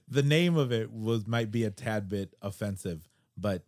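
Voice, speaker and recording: A man's voice: on the low side, big pitch swings, takes it slowly, a little mellow. A young man with a Chicago accent hosting a podcast, chatting casually and telling jokey stories with frequent laughter. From United States. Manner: jokey storyteller, laughs often. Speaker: podcast host. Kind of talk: casual chat.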